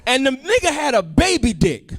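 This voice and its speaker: A male comedian doing a stand-up set, animated, swinging between loud outbursts and low asides. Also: normal speed.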